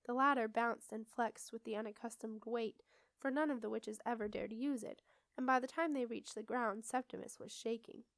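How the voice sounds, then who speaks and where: A woman reading a children's fantasy novel aloud in steady, expressive storybook narration. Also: fairly high pitch, moderate pace, no room sound. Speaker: audiobook reader.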